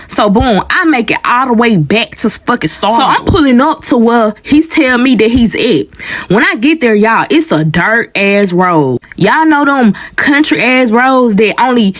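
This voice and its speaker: A young woman telling a story casually and animatedly, often addressing the viewers as y'all. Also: medium pitch.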